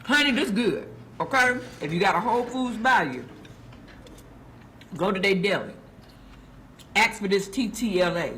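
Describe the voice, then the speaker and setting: A woman's voice: mid-range voice, animated, measured pace, pauses often, a bit bright, a little hiss or hum. A woman filming herself in a car, gushing over a sandwich with preacher-like praise and talking with her mouth full. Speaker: food vlogger. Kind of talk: casual selfie video review. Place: inside a car.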